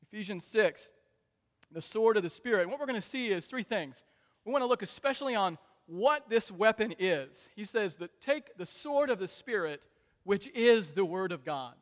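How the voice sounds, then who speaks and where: A man preaching a sermon, shifting between soft asides and loud, emphatic peaks. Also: high-pitched, expressive, moderate pace. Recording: long reverb of a large hall.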